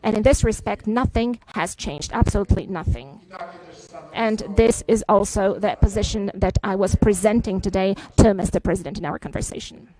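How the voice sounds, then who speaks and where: Halting woman interpreting a press statement. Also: medium pitch, dark tone, rough recording. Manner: halting, frequent "uh" fillers and restarts. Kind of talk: live interpretation of a press briefing.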